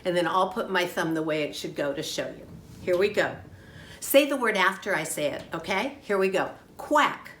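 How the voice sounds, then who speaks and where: Woman teacher with a lowish voice for a young children's phonics class, sing-song and clearly sounded-out, recorded in an echoey room. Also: lively intonation, brisk, a bit bright. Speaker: kindergarten teacher. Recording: echoey room, faint background noise.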